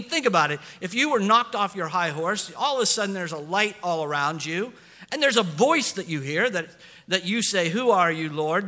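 A man's voice: high-pitched, sharp tone. A man preaching a sermon as pastor, building emphasis and acting out quotes in his own voice. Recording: long echo of a large hall.

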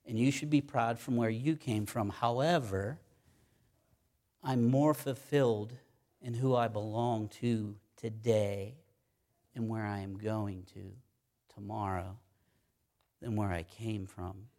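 A man's voice: lowish voice, steady tone, darkish tone. Emphatic man preaching a sermon. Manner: emphatic, repeats key phrases, reads scripture slowly. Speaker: pastor.

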